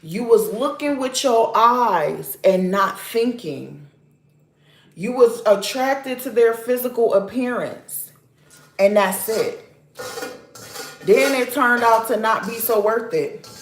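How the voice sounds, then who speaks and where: A woman vlog host talks casually to camera at home, handing out blunt, repetitive life advice in an emphatic, preachy way. Her voice is medium-pitched and slow, recorded in a roomy, echoey room.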